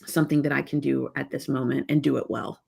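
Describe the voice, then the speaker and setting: Woman, very low voice, gravelly, conversational guest speaker. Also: fairly even intonation, fast, a little mellow. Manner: conversational, checks in with listeners. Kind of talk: casual webinar talk.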